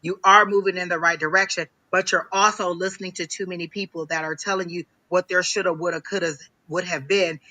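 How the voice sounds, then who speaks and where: A man giving a live psychic reading on a stream, talking in a halting way, repeating phrases with many ums. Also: high voice, fairly even intonation, pushed and bright, rough recording. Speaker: psychic reader.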